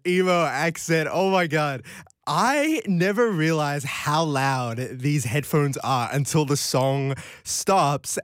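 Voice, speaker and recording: A man's voice: on the high side, smooth, no room sound, clean studio sound. A young Australian man hosting a late-night radio show, chatting loosely and laughing as he wanders off on tangents between listener texts. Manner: rambling, giggly, goes off on tangents. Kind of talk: casual radio chat reading listener texts. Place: radio studio. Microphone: studio microphone.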